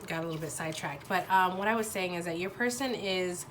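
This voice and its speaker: A young woman with a nasal voice from a sinus infection, giving a casual tarot reading and often pausing and restarting as she searches for words. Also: fairly low pitch, a bit bright, slight background noise. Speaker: tarot reader.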